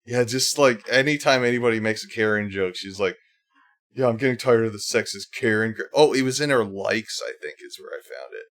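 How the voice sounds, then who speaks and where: A man's voice: on the low side, lively intonation, fairly quick, a bit bright. A man hosting a casual livestream, reading posts aloud and mocking them in a sarcastic, rambling way, with many fillers and restarts. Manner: sarcastic, reads posts aloud and mocks them in put-on whiny voices. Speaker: livestream host.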